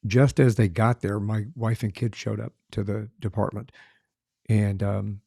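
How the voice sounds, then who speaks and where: A man's voice: lowish voice, level tone, a little slow, creaky, mellow, breathy edge, no echo, studio quality. A man hosting a podcast, telling easygoing, rambling anecdotes in conversation. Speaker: podcast host. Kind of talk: conversational interview.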